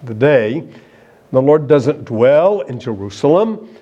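A man's voice: mid-range voice, expressive, takes it slowly, dark tone, muffled recording. A man preaching a sermon, emphatic and asking the congregation rhetorical questions.

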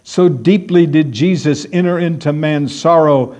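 Male preacher, sermon delivery, slightly high voice, unhurried, emphatic repetition. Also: darkish tone. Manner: emphatic, repeats key words for stress.

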